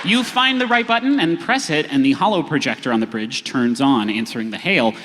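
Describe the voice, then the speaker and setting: A man's voice: fairly high pitch, expressive, a little fast, fairly bright tone. A man running a tabletop game as game master before a live audience, narrating hesitantly with many fillers. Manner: hesitant, lots of uh fillers, playful. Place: large theater stage. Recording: live theater stage reverb.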